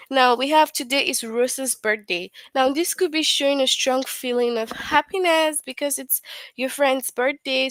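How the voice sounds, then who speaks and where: A woman's voice: fairly high pitch, a bit bright, no room sound. A young woman teaching a grammar lesson to young children, patiently repeating points and asking questions she then answers herself.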